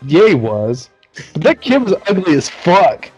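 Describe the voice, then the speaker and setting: A man's voice: high voice, sing-song, a little slow, darkish tone, slightly rough, faint music behind, low-quality recording. A man co-hosting a casual movie review podcast over beers, crude and jokey. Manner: crude, jokey, bursts into silly voices. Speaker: podcast co-host.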